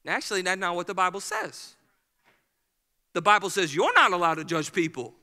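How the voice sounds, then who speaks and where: A man's voice: sits high, sing-song, normal speed, pauses often, pushed and bright. A male pastor preaching a sermon with energy, acting out the people he quotes. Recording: hall reverb.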